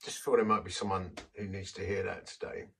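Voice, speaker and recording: A man's voice: low voice, level tone, a little fast, fairly bright tone, slightly rough, distant mic, poor audio. A man preaching a sermon, telling a personal story in a conversational, self-deprecating way.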